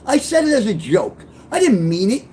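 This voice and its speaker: Rambling New man, wildly lively pitch. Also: moderate pace, a little hiss or hum. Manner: rambling, swearing, tearful outbursts. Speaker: author telling his life story. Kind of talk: emotional personal testimony.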